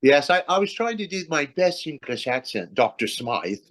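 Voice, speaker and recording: A metal vocalist, guesting on a casual video-call interview, rambles about his career with plenty of restarts and fillers. His voice is a little high and sing-song, fairly bright, and moves at a normal speed.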